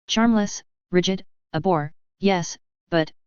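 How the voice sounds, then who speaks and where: A smirking, taunting young lord, as a woman reads him in a fan fiction story. The voice is low-set and very clear, and the recording is dry and a little dull. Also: takes it slowly, dry recording. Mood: mocking. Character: smug mocking young nobleman.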